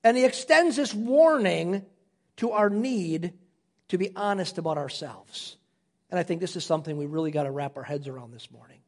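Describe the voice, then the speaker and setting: A male pastor preaching an earnest sermon, slowing down and dropping low when reading scripture. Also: animated, a little mellow.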